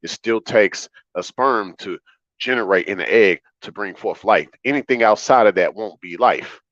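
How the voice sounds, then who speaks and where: A man's voice: fairly low pitch, moderate pace, a bit bright, dry recording, dull audio. A man hosting a livestream monologue, talking in an emphatic, repetitive, preachy way. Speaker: livestream host.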